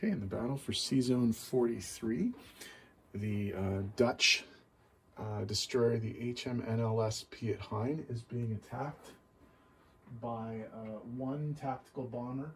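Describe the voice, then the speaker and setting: A man narrating his own board game turn by turn, calling out each dice roll in a steady, methodical way. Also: mid-range voice, unhurried, slightly rough. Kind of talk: play-by-play board game commentary. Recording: loud background noise.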